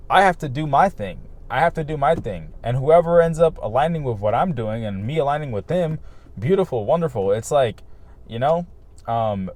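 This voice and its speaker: Candid young man rambling outdoors, mellow voice. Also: mid-range voice. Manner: candid, swears freely, many fillers and repeats. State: hiccuping. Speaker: vlogger. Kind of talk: casual rambling monologue to camera. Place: outdoors, just outside his home.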